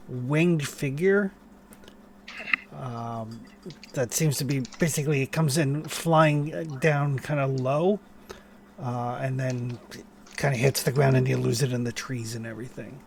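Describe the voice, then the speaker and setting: A man's voice: medium pitch, takes it slowly, creaky, long pauses. A man narrating a tabletop role-playing game as game master, in a loose, rambling way full of fillers.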